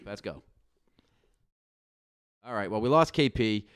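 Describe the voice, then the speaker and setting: A man's voice: fairly low pitch, animated, clear, resonant tone, no room sound. Man, podcast host, rambling casual talk, dry close sound. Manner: loose, rambling, quick to laugh. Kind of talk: casual chat. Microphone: video call.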